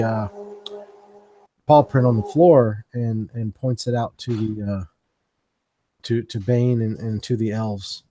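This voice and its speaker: A man with a mid-range voice plays in a tabletop game, describing what his character does. He talks hesitantly, filling his pauses with "um", and faint noise sits behind him. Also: mid-range voice. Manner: hesitant, with many fillers. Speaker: player.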